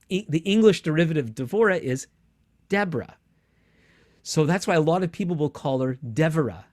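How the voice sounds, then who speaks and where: A man's voice: mid-range voice, darkish tone. A middle-aged man teaching a Bible survey course in a casual, self-correcting way that sometimes laughs at himself. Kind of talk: teaching lecture.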